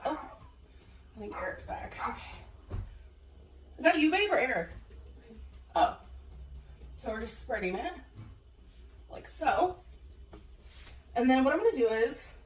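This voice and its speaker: A woman's voice: a little high, a little hiss or hum, poor audio. Congested, giggly woman vlogging. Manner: chatty, giggly, talks to viewers. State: congested from a cold. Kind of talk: casual cooking vlog chat. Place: home kitchen.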